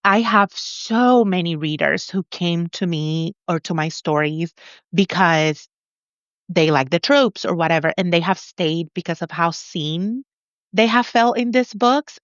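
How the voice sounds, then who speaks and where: A woman author being interviewed in a casual chat, talking in an animated, confident way and laughing often. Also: lowish voice, dry recording. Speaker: author guest. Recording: dull lo-fi dry sound.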